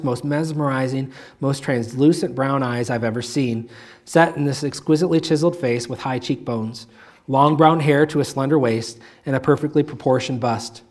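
A man preaching a sermon, reading a moving story aloud. His delivery is measured, and he slows and drops to a hush on the key phrases. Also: medium pitch. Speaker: pastor.

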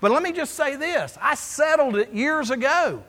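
In a church sanctuary, a male pastor delivers a sermon in a very high-pitched voice at normal speed. He tells stories in an animated way and acts out the dialogue. The recording carries a long hall reverb.

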